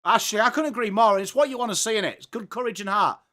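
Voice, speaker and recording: A man hosting a live football watchalong, reacting excitedly and chatting with viewers by name. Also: high voice, fast. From England. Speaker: live-stream watchalong host. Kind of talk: live sports reaction and chat.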